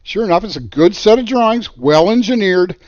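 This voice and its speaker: A man, an architect, telling a story from his career in an animated, emphatic way. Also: sits high, fairly quick, no room sound, muffled recording. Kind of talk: storytelling monologue.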